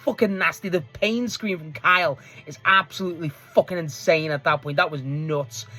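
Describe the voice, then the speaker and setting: This is a wrestling show reviewer running through a match recap casually and at length, with plenty of swearing, frequent laughter and many restarted sentences. Their medium-pitched voice moves at normal speed and sounds pushed and bright.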